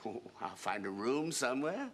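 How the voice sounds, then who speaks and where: An actor playing a gentle, timid elderly gentleman who speaks softly and hesitantly, stammering, in a 1970s TV sitcom. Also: mid-range voice, very animated, normal speed, slight background noise. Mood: mild. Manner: hesitant, soft-spoken, stammering.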